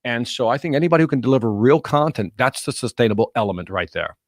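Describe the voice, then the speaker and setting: Energetic middle-aged man telling stories. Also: mid-range voice, fast talker, no echo, clean studio sound. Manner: energetic, earnest storyteller. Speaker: guest, motivational speaker. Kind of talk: casual podcast interview.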